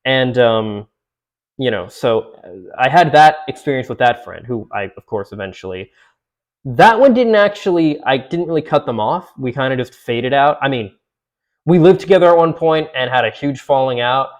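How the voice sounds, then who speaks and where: A man's voice: mid-range voice, animated, moderate pace. Rambling young man chatting casually. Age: 20s. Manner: rambling, many restarts and fillers, laughs and swears. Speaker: vlogger. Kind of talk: casual chat to camera.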